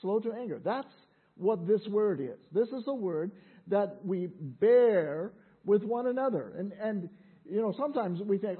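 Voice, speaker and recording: A man's voice: sits high, expressive, measured pace, slightly rough. A man preaching a sermon in a conversational way, often repeating words as he restarts. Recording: tinny phone-like sound.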